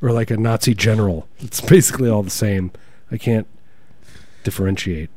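A man co-hosting a comedy podcast, riffing fast in casual, mocking banter. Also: lowish voice, a little mellow, dry recording. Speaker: podcast co-host.

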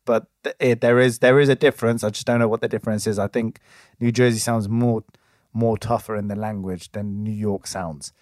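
A man's voice: fairly low pitch, fairly even intonation, fairly quick, darkish tone, dry recording, clean studio sound. A man in his twenties, chatting casually as a podcast co-host and telling a long story full of restarts and fillers. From England. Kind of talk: casual chat.

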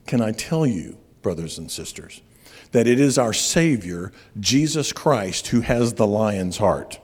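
A man preaching a sermon, telling stories and slowing down on key words for emphasis. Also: lowish voice, sing-song, husky. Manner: storytelling preacher, slows for emphasis. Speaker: pastor. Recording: long reverb of a large hall.

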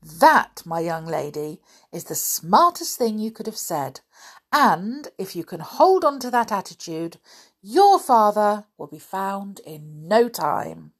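A woman voicing a kindly male mouse doctor who speaks gently and patiently to reassure a child. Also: mid-range voice, sing-song, takes it slowly, full character voice. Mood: reassuring.

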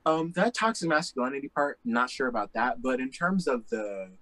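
A young man from Indiana in casual conversation, talking emphatically with quick asides. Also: medium pitch, lively intonation, crowd noise, rough recording. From Indiana, USA.

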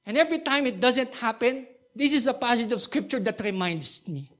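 A woman pastor with a Filipino accent preaching a conversational sermon and asking the congregation questions. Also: medium pitch.

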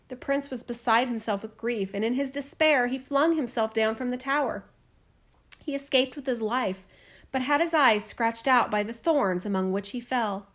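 A woman with a somewhat high voice reads a fairy tale aloud, measured and expressive. She carries the story steadily from scene to scene.

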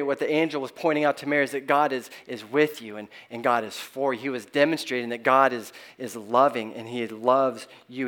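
Earnest man preaching a sermon. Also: mid-range voice. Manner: earnest, halting, with many restarts and softly trailing phrase ends. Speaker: pastor.

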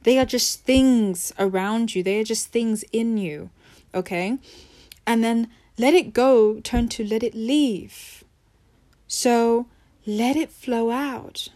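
Young woman podcast host, earnest self-help chat, fairly high, mellow tone. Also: slow. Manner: earnest, conversational, laughs easily, drifts into acted quotes. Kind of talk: reflective self-help talk.

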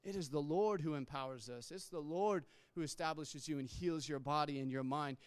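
A man's voice: a little high, normal speed, smooth, no echo. A man preaching a sermon in a conversational way, restarting words and acting out quotes. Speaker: pastor.

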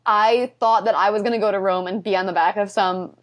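A young woman co-hosting a podcast, chatting casually about a movie with frequent laughs and quick asides. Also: medium pitch, fairly even intonation. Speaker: podcast co-host. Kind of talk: casual chat reviewing a movie.

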